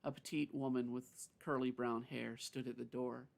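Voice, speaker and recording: A man reading a story aloud on a live stream, unhurried, with frequent self-corrections. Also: mid-range voice, level tone, creaky.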